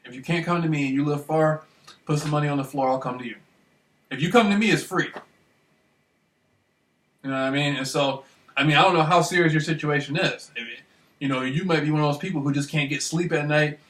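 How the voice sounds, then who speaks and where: A man recording a rambling, excited monologue, repeating himself and often asking if you follow him. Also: fairly high pitch, brisk, long pauses, echoey room, recorded from a distance. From Michigan, United States. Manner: excited, repetitive, keeps asking "you know what I mean". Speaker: vlogger.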